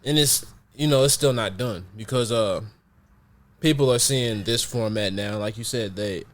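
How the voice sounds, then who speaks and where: A man's voice: on the low side, moderate pace. A man hosting a podcast, chatting casually and explaining his thinking at length with many fillers. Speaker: podcast host.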